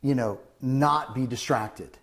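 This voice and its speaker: A man's voice: mid-range voice, slow pace. A man hosting a casual chat, rambling with frequent restarts and acting out what other people say. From Southern California. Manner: rambling, restarts often, acts out quoted people. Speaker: host.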